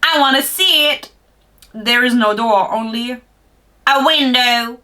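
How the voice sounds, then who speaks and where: A woman's voice: a little high, unhurried, bright, forceful tone, distant mic, slight background noise. A woman doing a sly ancient nightmare spirit. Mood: eager. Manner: odd put-on drawl, insistent.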